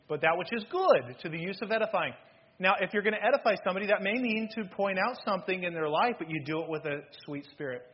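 Pastor, male, high voice with a husky edge, animated sermon delivery from loud to hushed, dull lo-fi church recording. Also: fast talker. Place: church sanctuary.

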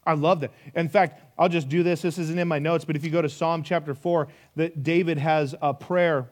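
Pastor, male, 30s, slightly high voice, emphatic sermon delivery full of rhetorical questions. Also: steady tone, moderate pace. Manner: emphatic, repeating key phrases with rhetorical questions.

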